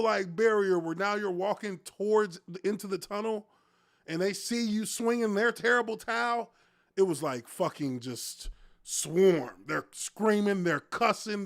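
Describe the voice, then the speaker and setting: A man's voice: sits high, dry recording, clean studio sound. A man in his thirties, a former offensive lineman, hosting a casual live stream and telling stories with a lot of profanity and laughter.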